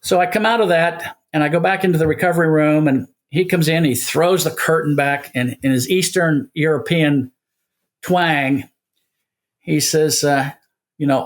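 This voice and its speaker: An older man in his seventies tells his story to an interviewer. His voice sits a little high, and he is animated, playing out both sides of the conversations he recounts. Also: normal speed. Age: 70s. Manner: animated storyteller, acts out quoted dialogue. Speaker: guest. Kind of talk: casual storytelling.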